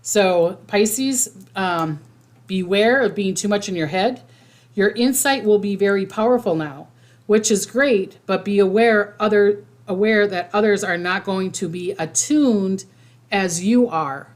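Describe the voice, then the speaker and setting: A woman chats casually as a psychic livestream host, her pitch sitting in the middle range. She rambles freely, stopping and restarting her sentences and filling the gaps with "you know" and "um." Now and then she reads viewer comments aloud. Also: unhurried.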